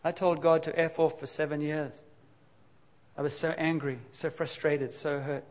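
A middle-aged man preaches at a normal speed, his voice sitting slightly higher than most men's. As a pastor, he takes a frank, confessional tone, moving from casual conversation into sudden emphatic outbursts.

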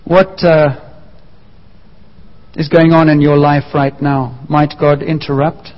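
A man's voice: a little high, level tone. Preaching man in a reverberant hall. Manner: emphatic, repeats key phrases, slows for emphasis. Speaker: pastor. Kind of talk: sermon. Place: church hall. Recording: muffled sound with long church reverb.

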